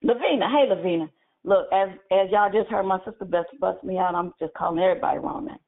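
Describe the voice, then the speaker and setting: A woman hosting a morning prayer call, greeting each caller and blessing them in turn. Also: mid-range voice. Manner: warm, quick to bless callers. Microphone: phone. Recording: phone line.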